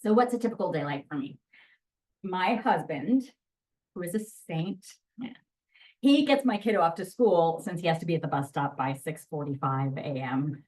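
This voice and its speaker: A woman audiobook narrator giving a lively, chatty presentation about her work to an audience in a lecture room. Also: sits low, moderate pace, recorded from a distance, rough recording. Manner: lively, chatty, jumps into voice demos.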